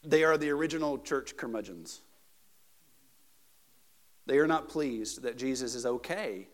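A male pastor preaching a sermon, moving between casual asides and loud, emphatic peaks. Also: mid-range voice.

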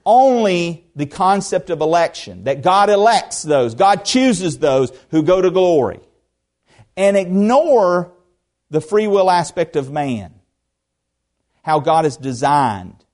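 Earnest preacher, rising and falling. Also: male voice, a little high. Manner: earnest preaching that swings between emphatic rises and soft drops; conversational asides and rhetorical questions. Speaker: pastor. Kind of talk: expository sermon.

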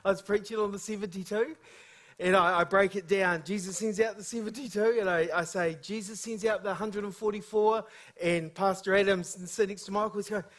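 A man preaches a sermon, telling humorous stories with lively, energetic delivery. His voice sits notably high for a man, and he talks like an animated storyteller in front of a congregation. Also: fairly quick. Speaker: guest preacher.

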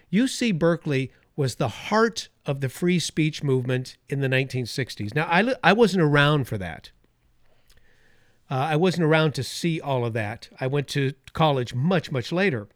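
A man's voice: mid-range voice, no room sound, studio quality. A man hosting a talk radio show, delivering an opinionated monologue with emphatic repetition and sarcastic asides. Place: radio studio.

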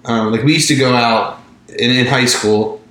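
A man co-hosting a podcast, chatting casually in a voice of middling pitch. He rambles and restarts his sentences, laughing now and then. His voice rings around a very echoey room. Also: fairly even intonation, moderate pace, a bit bright. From Mid-Atlantic United States. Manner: rambling, self-interrupting, laughs often. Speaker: podcast co-host. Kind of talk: casual chat.

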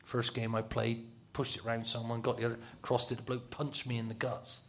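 A man's voice: mid-range voice, completely flat delivery, brisk. A middle-aged man telling football stories in a casual talk, laughing often and dropping to a whisper for his inner thoughts. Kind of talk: casual storytelling on a talk show.

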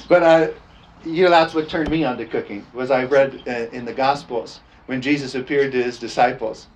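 A man's voice: mid-range voice, a little hiss or hum. A man preaching a storytelling sermon in a folksy, laughing way, often tossing "amen?" to the congregation.

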